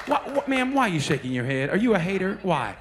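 A man doing a stand-up comedy set in a club, talking profanely and teasing the crowd, with quick put-on voices for the people he quotes. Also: high-pitched, big pitch swings. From Oklahoma, USA.

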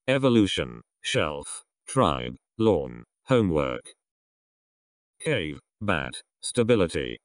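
A man slowly reading an English vocabulary list aloud, one word at a time with pauses. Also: low-pitched, dry recording, clean studio sound. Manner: slow, measured reading of single words with pauses.

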